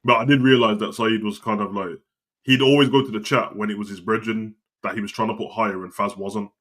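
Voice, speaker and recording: Guy talking fast on a football podcast, slangy, keeps repeating himself. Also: on the low side, fairly even intonation, fairly bright tone. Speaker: co-host. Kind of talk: casual podcast chat.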